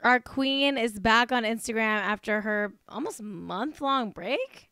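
A woman's voice: fairly high pitch, measured pace, noisy background. A woman hosting a casual celebrity gossip podcast, sarcastic and exasperated, swearing freely. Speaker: podcast host.

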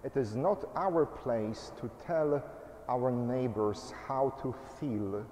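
Slow-speaking man preaching in an echoing church. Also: mid-range voice, dark tone, slight background noise. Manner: measured, delivered in short phrases. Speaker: pastor. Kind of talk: sermon.

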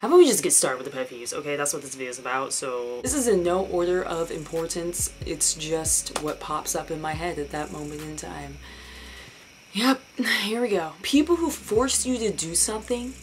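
A woman's voice: deep voice, lively intonation, normal speed, faint music behind, low-quality recording. A young woman ranting in a casual vlog, sarcastic and profane, slipping into mocking voices. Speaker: vlogger.

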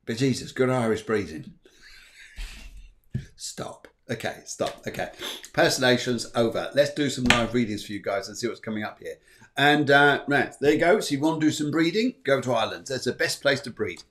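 A man's voice: mid-range voice, fairly quick, fairly bright tone. A man hosting a live psychic show, giving readings in a chatty, rambling way, correcting himself often and joking between readings. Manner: rambling, self-correcting, jokey, many fillers. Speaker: psychic medium and show host.

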